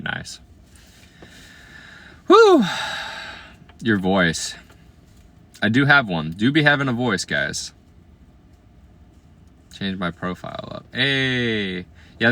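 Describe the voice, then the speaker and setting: A man in his late twenties from Iowa, hosting a casual livestream and riffing on viewer comments. His voice sits a little low but sounds bright and forward, and his talk is playful and slangy, often dropping to quiet asides. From Iowa, USA. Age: 20s.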